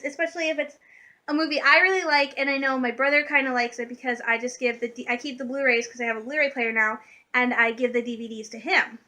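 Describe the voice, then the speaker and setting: A young woman from Michigan chatting excitedly in a casual vlog, gushing like a fan, with lots of fillers and restarts. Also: high voice. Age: young adult. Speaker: vlogger.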